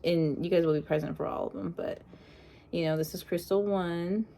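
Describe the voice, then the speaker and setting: A woman with a dark, mellow voice and a bit of fry talks through a casual tarot reading in a put-on accent. She meanders softly, filling pauses with ums. Her phone is propped up to record her, and there is a faint hiss behind her. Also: on the low side, fairly even intonation. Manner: soft, meandering, with frequent ums. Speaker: tarot reader. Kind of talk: casual intuitive reading to camera. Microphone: phone propped on a crystal.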